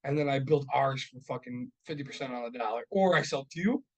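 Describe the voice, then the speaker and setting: A man's voice: mid-range voice, expressive, a little fast, rough recording. A man in his thirties co-hosting a casual podcast, telling stories in a heated, profane rant. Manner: profane, ranting, heated storytelling. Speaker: podcast co-host. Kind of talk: casual chat. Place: podcast studio.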